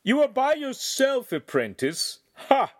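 A man's voice: extremely high pitch, very animated, a little slow, pitched above the performer's own voice, exaggerated voice. A man voicing a ruthless, hot-tempered male villain who talks in a threatening, snarling way. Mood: threatening shout.

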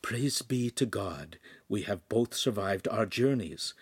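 A man voicing a quiet voice in someone's ear that whispers translations. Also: mid-range voice, animated, unhurried, breathy edge, dry recording. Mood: hushed.

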